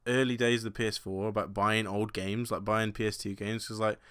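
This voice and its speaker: A man's voice: lowish voice, level tone, brisk, a bit bright, clean tone. A young British man co-hosting a casual podcast. He tells stories about his own awkward moments in a rambling way and laughs at himself often. He keeps the tone loose and chatty. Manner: rambling, self-deprecating storytelling with frequent laughs. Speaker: podcast co-host. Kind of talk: casual chat.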